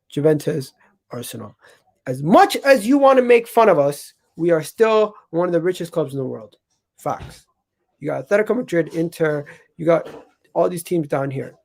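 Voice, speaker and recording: A man hosting a live football stream, talking to his chat in an animated, emphatic way and often repeating himself. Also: a little high. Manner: chatty, addresses chat directly. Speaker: football channel host.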